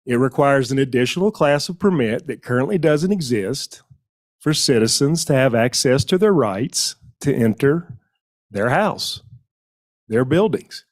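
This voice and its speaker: Man giving measured hearing testimony. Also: medium pitch, lively intonation. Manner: measured, emphatic, with stressed key words. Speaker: witness testifying to a legislative committee. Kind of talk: formal public testimony. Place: legislative hearing room.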